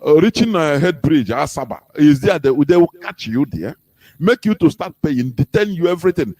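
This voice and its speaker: A man's voice: on the high side, expressive, moderate pace, warm tone. A man with a Nigerian English accent giving an impassioned political talk as a radio host, full of rhetorical questions. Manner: preaching, rhetorical questions, acts out quoted voices.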